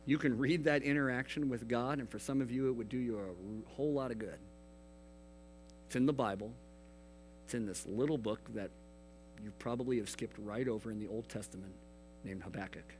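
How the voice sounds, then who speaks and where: A man delivers a youth sermon, earnest and direct. He drops to a hush, then rises to emphatic, and his voice sits in the middle range. Gentle guitar plays faintly behind him. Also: medium pitch, brisk, rough recording. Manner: earnest, swings between hushed and emphatic. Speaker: youth pastor.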